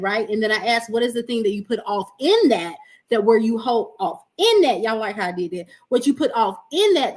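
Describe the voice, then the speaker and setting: A woman with a Southern US accent hosting a podcast in casual chat, folksy and self-mocking, laughing often. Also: fairly high pitch. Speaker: podcast host.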